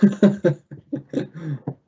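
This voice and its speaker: A young man giving betting tips over a video call, thinking aloud in a halting way with many fillers and restarts. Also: fairly high pitch, dark tone, breathy edge, lo-fi sound. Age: young adult. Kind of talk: thinking aloud while clicking through a screen.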